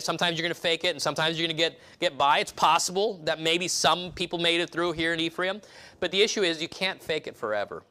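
A man's voice: a little high, sharp tone. A male pastor giving a casual, rambling sermon with many restarts and asides, acting out quoted voices.

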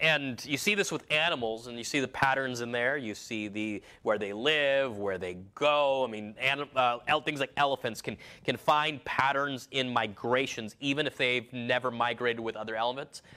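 Bright-voiced man preaching a sermon. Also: medium pitch, moderate pace. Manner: rambling with many restarts and asides.

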